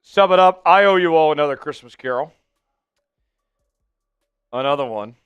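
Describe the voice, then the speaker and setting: A man hosting a live fan stream of a football game, chatting with viewers and calling plays with excited hype. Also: fairly high pitch, normal speed, smooth, dry recording, lo-fi sound, soft background music. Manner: excitable, hypes up chat viewers. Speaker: fan livestream host. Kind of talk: live game watch-along chat.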